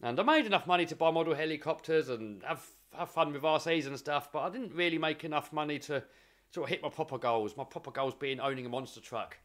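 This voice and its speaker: A man's voice: on the high side, fast talker, fairly bright tone. Earnest young man telling his story. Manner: earnest, repeats words while building momentum. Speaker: vlogger. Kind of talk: casual motivational storytelling.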